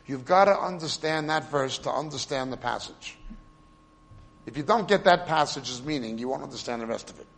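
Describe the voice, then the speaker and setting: A man preaching a sermon, explaining Hebrew and Greek words with emphatic stresses and quiet asides. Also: medium pitch, lively intonation, normal speed, gravelly, big-room sound. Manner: swings between loud stresses and quiet asides.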